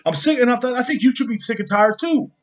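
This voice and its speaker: Speaking very fast in a very high voice with lively intonation, another male podcast host goes on a profane solo rant. He's angry and blunt, swears constantly, and sometimes laughs at his own jokes.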